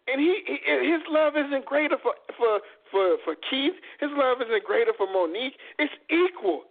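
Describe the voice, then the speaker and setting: Fervent male co-host, very high voice, stumbling restarts, tinny line. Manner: fervent, repetitive, stammering restarts. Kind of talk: impassioned faith talk. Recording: phone-like lo-fi audio.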